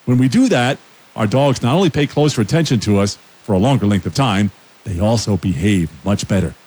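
A male radio host delivers a short feature, his pitch swinging freely as he talks. His manner is upbeat and playful, and he pokes fun at himself. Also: animated, brisk, a little mellow, slightly rough. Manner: upbeat, playful, self-mocking.

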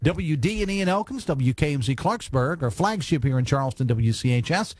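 A man's voice: on the high side, lively intonation, a little fast, no room sound. A man hosting a live radio talk show, chatty with lots of fillers and restarts. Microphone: studio microphone.

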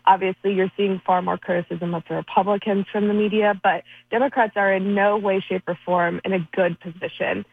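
A woman from Florida calling in to a radio show, giving confident, brisk political talking points over a phone line. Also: medium pitch, steady tone, creaky, breathy edge, no room sound. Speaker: caller, political strategist. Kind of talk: phone-in interview.

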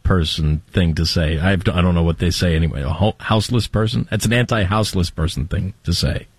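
Husky low-voiced male co-host. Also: no echo. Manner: blunt, halting, repeats words. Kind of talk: opinionated podcast commentary.

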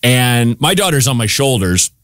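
A man guesting on a radio show, telling a funny story in a casual, animated way, often laughing and acting out what others said. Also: medium pitch, normal speed, no room sound, clean studio sound. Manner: animated, laughing, acts out quoted voices. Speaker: comedian guest.

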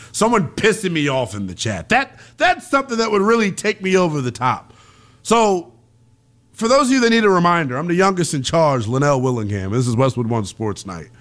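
Man, sports talk radio host, call-in show, animated delivery, blunt slang. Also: medium pitch.

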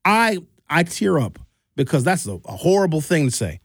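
A man with a Wisconsin accent hosting a radio talk show from a studio mic, telling stories in a joking, animated way. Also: fairly high pitch, moderate pace, slightly rough, no room sound. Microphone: studio microphone.

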